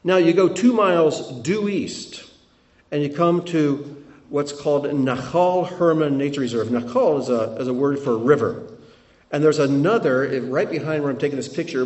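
Male preacher, mid-pitched, lively slideshow sermon, roomy echo. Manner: animated storytelling, shifts between loud and hushed. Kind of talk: sermon with slideshow of travel photos.

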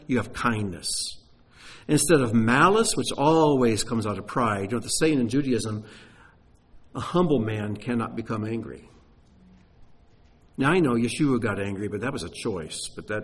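Husky, animated male preacher. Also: medium pitch. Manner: emphatic, repeats key phrases, asks the audience questions. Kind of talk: sermon.

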